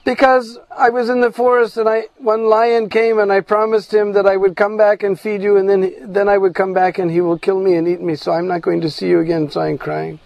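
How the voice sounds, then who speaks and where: Man doing a gentle old mother cow. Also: high voice, flat delivery, fairly quick, creaky, hardly any pauses, no room sound. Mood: tender.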